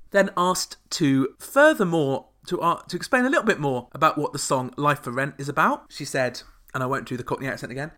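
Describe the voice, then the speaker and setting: A man hosting a comedic podcast, full of sarcastic deadpan asides. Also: a little high, a little fast. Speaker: podcast host.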